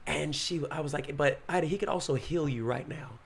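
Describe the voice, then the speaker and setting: A man, a pastor, telling a story in casual podcast chat, animated, acting out the quotes and saying "bro" often. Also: a little high, brisk, gravelly, crowd noise.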